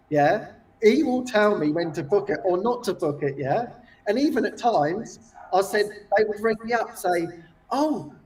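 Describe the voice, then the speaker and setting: A man leading retreats, telling stories in an animated way, acting out the people he quotes and often tagging lines with "yeah?". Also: high-pitched. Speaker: retreat leader and guest. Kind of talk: casual storytelling. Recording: voice distant from the mic.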